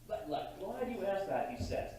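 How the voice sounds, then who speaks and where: A man preaching a sermon as pastor, in a conversational, halting way with frequent restarts. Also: high voice, expressive, mellow, a little hiss or hum. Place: church sanctuary. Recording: distant mic in a very echoey church hall.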